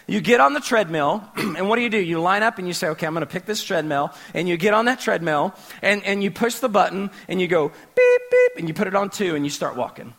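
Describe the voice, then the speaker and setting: A man's voice: sits high, fast, hardly any pauses, fairly bright tone. A man preaching a sermon as a pastor, telling stories animatedly and acting out scenes with sound effects.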